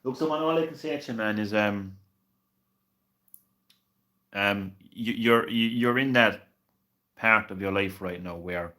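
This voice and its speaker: A man's voice: on the low side, unhurried, long pauses, bright, forceful tone. A young man streaming games live, chatting casually and reassuringly with a viewer, peppering his talk with "man" and tripping over repeated words. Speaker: game streamer.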